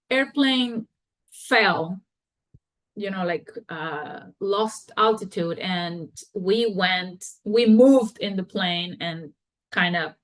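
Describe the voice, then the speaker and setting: A woman hosting a podcast, telling a personal story in a candid, halting and expressive way. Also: mid-range voice. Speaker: podcast host.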